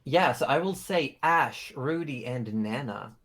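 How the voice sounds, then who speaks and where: A man's voice: medium pitch, lively intonation, a little slow, fairly bright tone. A man with an Australian accent narrating a tabletop game as game master, describing scenes with lots of fillers. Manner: descriptive, filler-heavy storytelling.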